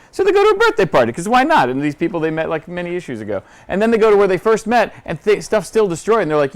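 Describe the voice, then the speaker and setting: A man's voice: high voice, very animated, fast talker, hardly any pauses. A man on a comic book show, animatedly recapping a comic and acting out the characters' lines. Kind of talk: casual chat, recapping a comic.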